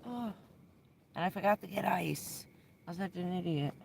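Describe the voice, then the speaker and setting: A woman live-streaming casual chat from inside her parked van at night, blunt and quick to swear, alternately scolding and soothing her dog. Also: on the low side, gravelly, darkish tone, slight background noise. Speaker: livestreaming van dweller.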